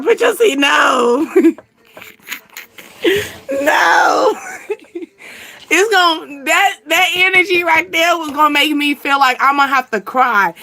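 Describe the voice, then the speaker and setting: A woman chatting casually as a channel host, animated and slangy, laughing often. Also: sits high. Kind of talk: casual chat.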